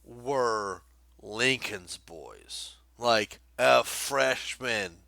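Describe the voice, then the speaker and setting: A young man co-hosting a casual sports podcast, excitable and rambling, with lots of fillers. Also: mid-range voice, extremely slow, gravelly, dry recording. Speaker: podcast co-host.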